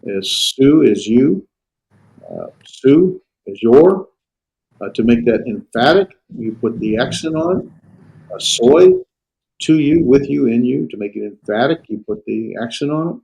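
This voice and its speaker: A man lecturing a classroom on Greek grammar, pausing often on fillers and restarts and checking in with his students. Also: mid-range voice, lively intonation, gravelly, darkish tone, low-quality recording. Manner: halting, with frequent fillers and restarts. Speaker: Greek teacher.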